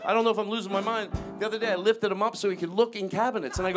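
A man performing a live stand-up comedy set, loud and animated, chatting with the audience and the band. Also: high voice, fast. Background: band music and audience laughter.

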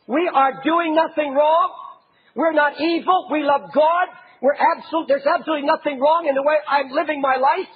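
A man preaching an impassioned sermon as a pastor, often raising his voice to a shout. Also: extremely high pitch, lo-fi sound.

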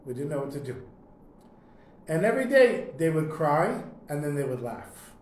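A man teaching a lesson, telling a long story in a relaxed, conversational way and often clearing his throat. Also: fairly high pitch, moderate pace. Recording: echoey room, faint noise.

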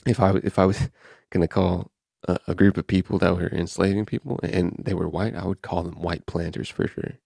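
A man's voice: low-pitched, level tone, moderate pace, vocal fry, a little mellow, dry recording, clean studio sound. A man hosting a podcast, chatting offhand and wry while reading headlines aloud and riffing on them. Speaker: podcast host. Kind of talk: casual podcast chat, reading news aloud.

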